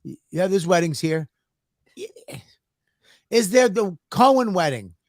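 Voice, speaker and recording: A man's voice: high voice, animated, unhurried, dry recording, clean studio sound. A man telling a profane, exasperated story on a podcast and acting out both sides of the talk. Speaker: podcast co-host. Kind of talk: animated storytelling.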